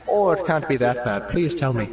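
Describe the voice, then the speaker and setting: A man's voice: mid-range voice, expressive, moderate pace, echoey room, far from the mic, lo-fi sound, a crowd in the background, pitched below the performer's own voice, lightly acted. A man voicing a lecherous old Irish priest with a put-on Irish accent, wheedling and leering in a confessional skit.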